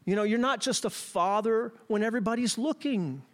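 A man's voice: high voice, brisk. A middle-aged man, a pastor, gives a playful sermon and talks straight to the congregation.

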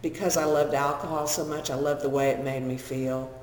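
A woman's voice: deep voice, little pitch movement, a little fast, darkish tone, slight background noise. Texan-accented woman in her sixties, echoey hall. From Northern California. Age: 60s. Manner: candid, self-deprecating, humorous storyteller. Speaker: speaker sharing her recovery story. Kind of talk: personal storytelling to an audience. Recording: echoey hall with long reverb.

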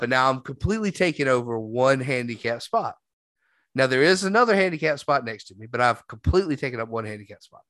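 A man's voice: medium pitch, fairly bright tone, dry recording. A man hosting a podcast, telling a rambling story in casual chat. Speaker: podcast host.

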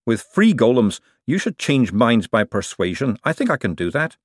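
A man reading an audiobook, voicing a brisk, outspoken young woman with a quick, wry delivery. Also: rumbling low, sing-song, no room sound, clean studio sound, full character voice.

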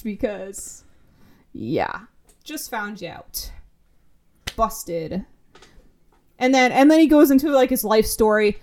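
A woman's voice: mid-range voice, animated, takes it slowly, pauses often, a little mellow. A woman chatting casually as a podcast co-host, telling a story with lots of laughter and swearing. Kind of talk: casual chat.

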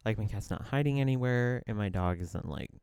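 Rambling casual man, smooth voice. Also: fairly low pitch, lively intonation, brisk, darkish tone, dry recording, clean studio sound. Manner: rambling, full of "like" and restarts, laughs often. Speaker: podcast co-host. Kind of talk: casual chat.

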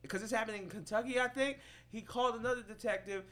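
A young man hosting a podcast, telling a story in casual chat, animated and slangy and swearing freely. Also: high-pitched, quick pace, few pauses. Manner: animated and slangy, swears freely, gets loud when outraged. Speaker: podcast host.

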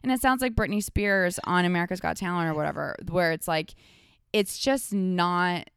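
Smooth, lower-pitched woman chatting as a guest. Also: normal speed, dry recording, studio quality. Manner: animated storytelling, many "like" fillers. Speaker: podcast guest. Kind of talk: casual chat.

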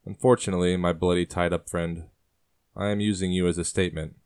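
A man voicing a young male colonial assassin, speaking calmly and with menace. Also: low-pitched, quick pace, clean tone, no room sound, clean studio sound. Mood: cold menacing. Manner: calm and menacing in threats.

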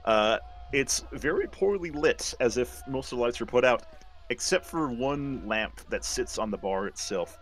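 A man narrating a tabletop game as game master, halting often with fillers. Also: mid-range voice, lively intonation.

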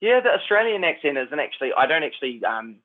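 A man's voice: fairly high pitch, very animated, fast talker. Laid-back Kiwi man on a tinny line. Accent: New Zealand. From New Zealand. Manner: laid-back, rambling, says "man" and "like" a lot. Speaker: actor, guest. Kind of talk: casual chat.

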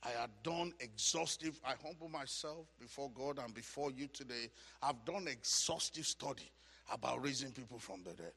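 A man teaching a Bible study as a sermon, preaching with passion, repeating phrases for emphasis and building to shouts. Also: medium pitch, lively intonation, moderate pace, breathy edge, big-room sound.

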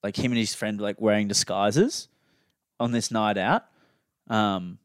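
Chatty Australian man with a low voice. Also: a little slow, dry recording, studio quality. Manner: rambling, full of fillers and restarts, swears casually. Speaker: podcast co-host. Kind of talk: casual chat.

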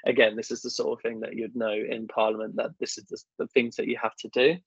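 A young podcast guest who works in government affairs tells self-deprecating stories in a chatty, filler-heavy way during a casual interview. His mid-range voice is flat and breathy-edged at a quick pace, recorded with no echo in a dull, dry lo-fi sound.

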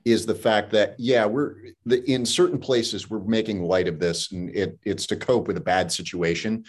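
A man's voice: fairly low pitch, fairly even intonation, normal speed. A middle-aged man, a podcast co-host, speaking earnestly and hesitantly in casual chat. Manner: chiming in, then earnest and hesitant.

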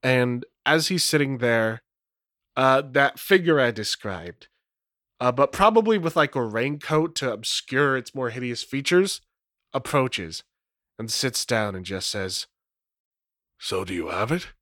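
A man's voice: medium pitch, expressive, unhurried, a bit bright, no echo, clean studio sound. A man running and narrating a solo tabletop role-play game, rambling with many fillers. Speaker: game master and player.

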